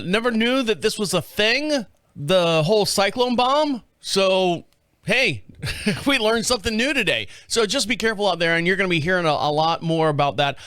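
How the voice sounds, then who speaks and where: A man's voice: high voice, bright, forceful tone, smooth, no room sound. A man hosting a podcast in a studio, who talks in a casual, folksy, rambling way and jokes along as he goes. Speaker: podcast host. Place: small radio studio. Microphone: studio microphone.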